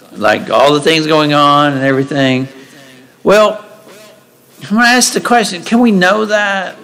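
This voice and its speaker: Male preacher, mid-pitched voice, conversational delivery with rhetorical questions, reads scripture aloud in a church service. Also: vocal fry, fairly bright tone, rough recording. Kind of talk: sermon. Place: church sanctuary.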